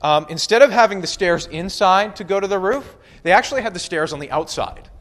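A man preaching in a relaxed, conversational way, with casual asides and playful quoted voices. His voice sits a little higher than most men's. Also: fairly quick. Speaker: pastor. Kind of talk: sermon.

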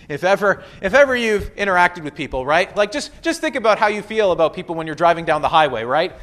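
A man's voice: high voice, lively intonation, fast talker, a bit bright. A man preaching a conversational sermon, walking through a Bible passage with casual asides and playful quoted voices. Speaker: pastor.

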